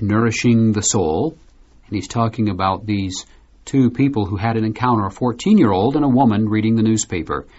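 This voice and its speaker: A man from the United States hosting a radio English lesson, explaining a story and asking questions in a relaxed way. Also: fairly low pitch, husky, highs cut off. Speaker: English teacher and host.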